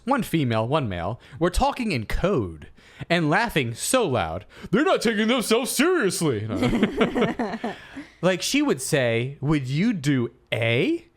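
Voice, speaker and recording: Animated man reading and debating. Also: on the high side. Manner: animated, argumentative, playful. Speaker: podcast co-host. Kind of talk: comedic podcast chat, reading listener posts aloud.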